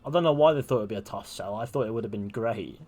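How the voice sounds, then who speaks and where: A man's voice: on the low side, fast, a little mellow. A young man streaming a game, chatting casually and offhandedly, swearing now and then. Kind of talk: casual commentary over gameplay.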